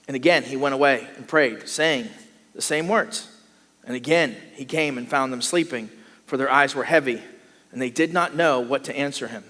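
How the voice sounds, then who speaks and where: A man preaching a sermon as a pastor, animated, acting out the voices of the people he describes. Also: mid-range voice, moderate pace. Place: church sanctuary. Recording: long hall reverb.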